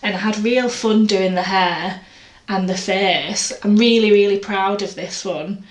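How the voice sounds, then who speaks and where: A woman's voice: medium pitch, unhurried. A woman chatting casually about her art, rambling and self-deprecating. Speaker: artist vlogger. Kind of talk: casual chat. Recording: echoey room, faint noise.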